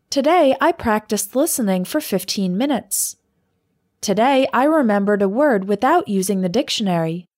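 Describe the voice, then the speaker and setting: A woman reading a scripted English lesson in a clear, measured way, slowing down for the example phrases. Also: mid-range voice, darkish tone. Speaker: English teacher.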